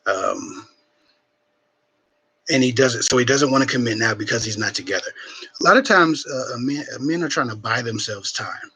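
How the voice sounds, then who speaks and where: A man hosting a live Q&A, giving frank dating advice in casual chat, swearing freely and filling pauses with ums, sniffling a bit, streaming from home. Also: mid-range voice, lively intonation, pushed and bright, slight background noise, low-quality recording. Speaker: relationship advice livestream host.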